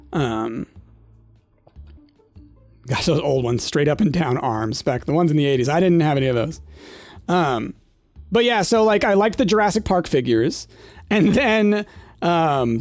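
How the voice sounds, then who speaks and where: A man's voice: fairly high pitch, darkish tone, no echo. A man in his thirties chatting casually while playing a game, rambling and nostalgic with lots of fillers. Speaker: gaming streamer. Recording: dry close mic with faint game music.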